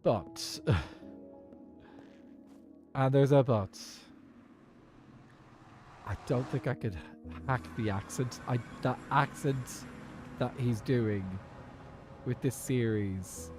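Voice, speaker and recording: A man's voice: medium pitch, very slow, pauses often, darkish tone. Irish guy chatting to viewers while he plays, rambly, medium voice, faint music. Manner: rambling, thinks aloud, chats to viewers. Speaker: streamer. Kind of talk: casual live-stream chat while gaming.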